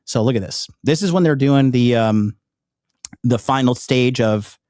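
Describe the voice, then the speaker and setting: A man talking straight to his viewers in a loose, rambling way, swearing often and leaning hard on his points. His voice sits at a middle pitch. The sound is close and dry, with no room echo. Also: measured pace, darkish tone. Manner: rambling, profane, emphatic. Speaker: online dating coach and YouTuber. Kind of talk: casual direct-to-camera chat.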